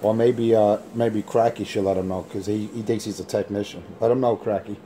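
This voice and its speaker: A man trash-talking rivals over a handheld radio mic, boasting and taunting in a slow drawl. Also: on the low side, fairly even intonation, heavy background noise. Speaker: CB radio operator. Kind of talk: on-air radio banter.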